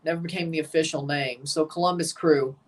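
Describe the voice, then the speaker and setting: A man's voice: fairly high pitch, brisk. Man calling soccer from far off. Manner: excitable play-by-play mixed with chatty replies to viewers. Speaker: livestream host reacting to a soccer match. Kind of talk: casual watchalong commentary.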